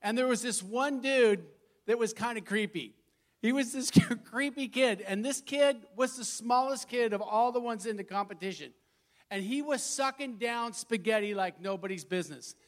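A middle-aged man preaching a sermon as lead pastor, animated and laughing as he acts out funny stories. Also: extremely high pitch, moderate pace. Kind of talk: sermon with storytelling.

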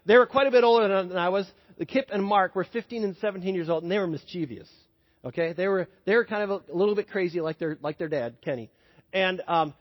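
Male pastor, high husky voice, chatty sermon style, echoing church hall, dull sound. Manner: conversational, asks the congregation questions. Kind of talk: sermon with personal story.

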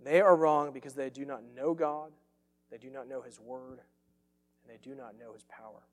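A man's voice: medium pitch, steady tone, moderate pace, in a large hall. A man preaching a sermon as pastor, earnest and emphatic, repeating phrases for stress.

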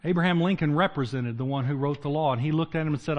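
An older man preaching a sermon to his congregation, mixing folksy jokes with passages that swing from loud and emphatic to low and hushed. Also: fairly quick. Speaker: pastor.

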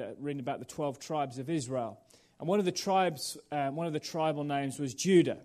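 A man's voice: on the high side, darkish tone. A young man from England, a guest preacher giving a sermon to a church congregation in a chatty, informal way full of asides and jokes. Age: young adult. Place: church sanctuary before a congregation.

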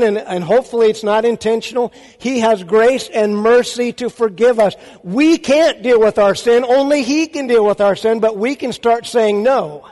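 A man's voice: sits high, darkish tone. A man preaching a sermon as a pastor, emphatic and full of rhetorical questions to the audience. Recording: long hall reverb.

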